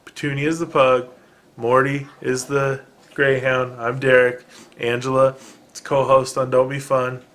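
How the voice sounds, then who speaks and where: A man talks through his podcast alone at home, wandering from point to point with wry, self-deprecating asides. He stops and restarts often and fills the gaps with ums and uhs. His voice sits at an ordinary middle pitch. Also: level tone, unhurried, fairly bright tone. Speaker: podcast host. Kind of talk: casual solo podcast rambling. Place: home room with dogs present.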